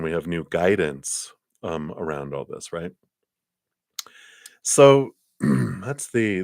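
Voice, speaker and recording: A man giving a live tarot reading, talking in an animated storytelling way with acted quotes and sound effects. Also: low voice, no echo, clean studio sound. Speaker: tarot reader. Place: indoors.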